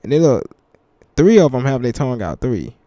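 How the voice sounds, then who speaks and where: A young man giving casual reaction commentary in relaxed slang, slowing down when he reads verses aloud. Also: medium pitch, dry recording. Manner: laid-back slangy banter, reads scripture slowly. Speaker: commentary channel host. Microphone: headphones with mic.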